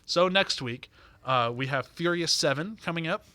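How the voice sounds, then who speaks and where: A man's voice: fairly high pitch, normal speed, sharp tone, dry recording. A man hosting a movie podcast, rambling and joking with laughs in casual chat. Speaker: podcast host.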